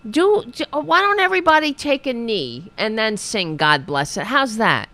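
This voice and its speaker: A woman's voice: fairly high pitch, expressive, moderate pace, bright, forceful tone. A woman hosting a political show, ranting in a profane, sarcastic, exasperated way while reading viewers' chat.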